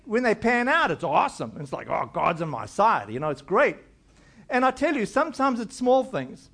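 Animated high-voiced male pastor preaching. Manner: conversational, animated, acts out quoted voices. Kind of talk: sermon.

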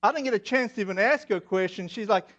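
Chatty South African man, high voice. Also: quick pace, a bit bright. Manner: chatty, self-deprecating, many fillers. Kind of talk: sermon with personal stories. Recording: dull lo-fi audio.

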